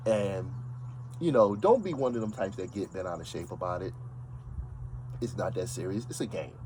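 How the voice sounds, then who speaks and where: A man with a New York accent speaks in a loose, emphatic monologue, circling back over his own points. His pitch jumps around a lot as he talks. Faint street and vehicle noise sits behind him. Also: moderate pace, rough recording. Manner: animated, emphatic, repeats himself. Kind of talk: casual monologue.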